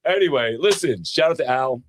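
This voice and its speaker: A man's voice: mid-range voice, lively intonation, fairly quick, slight background noise. A middle-aged man co-hosting a casual podcast, joking and then speaking earnestly and with heart. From New Jersey. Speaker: co-host.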